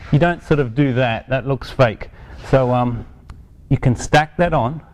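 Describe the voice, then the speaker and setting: A man's voice: a little high, a little mellow, slight background noise. A man giving a casual, hands-on product demonstration outdoors, chatting and correcting himself as he explains each step. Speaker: product presenter. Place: outdoors on a hot day.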